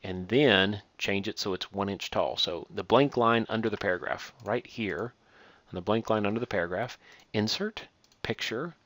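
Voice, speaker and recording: A man teaching a software tutorial, reading each step aloud and then patiently demonstrating it, correcting himself as he goes. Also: fairly low pitch, moderate pace, no room sound. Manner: methodical, reads steps aloud then demonstrates; patient, self-correcting, relaxed. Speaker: instructor.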